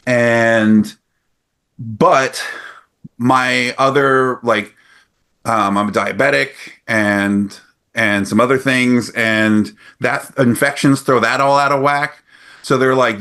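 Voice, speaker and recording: A podcast co-host in his forties, with a medium-pitched voice at a measured pace, animatedly tells a story during casual chat. He acts out other people's lines, recorded on a podcast microphone.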